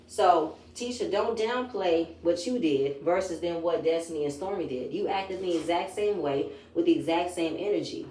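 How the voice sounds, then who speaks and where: A woman's voice: on the low side, normal speed, few pauses, dark tone, a little hiss or hum. A woman giving a chatty, opinionated recap of a reality show, retelling scenes in her own words. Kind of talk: casual episode review. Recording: echoey room.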